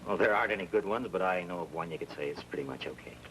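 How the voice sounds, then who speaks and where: A courteous French-Canadian customs officer answering questions in court, his accent plain and his voice very deep. He speaks politely and explains things patiently. Old TV drama sound with a faint hiss. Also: racing, fairly bright tone, rough recording. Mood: earnest.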